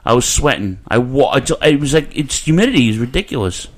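A man, hosting a casual podcast chat in a rambling, profane, animated way. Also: mid-range voice, fast talker. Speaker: podcast host.

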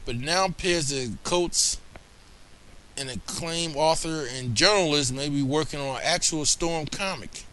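A man's voice: on the high side, measured pace, sharp tone, slight background noise, poor audio. A man giving casual solo commentary about comic books, chatty and rambling, with frequent restarts and asides, coughing now and then.

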